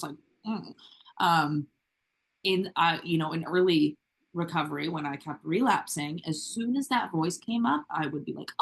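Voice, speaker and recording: A woman talks openly on a recovery podcast, pausing often and filling gaps with "um" and "like." Her voice has a gravelly, creaky edge. She speaks in a casual, heartfelt way. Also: sits low. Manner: earnest, halting, many "um" and "like" fillers. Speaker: podcast co-host.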